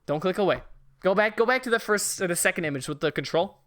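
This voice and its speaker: A young man hosting a casual podcast, telling a childhood story with animated, profane energy and laughter. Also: high voice, fast, a little hiss or hum. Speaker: podcast host.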